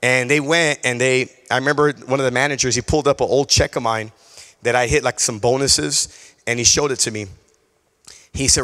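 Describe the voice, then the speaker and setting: A male pastor preaching a sermon, telling a personal story in an animated way, acting out conversations and repeating key phrases. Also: mid-range voice, fairly quick, in a large hall. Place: church sanctuary.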